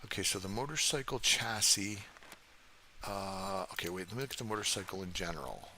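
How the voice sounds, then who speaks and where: A man's voice: sits low, animated, fairly quick, pushed and bright, a little hiss or hum. An older man hosting a gaming livestream from his desk, chatting casually and cursing freely as he rambles and answers chat while he plays. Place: home desk.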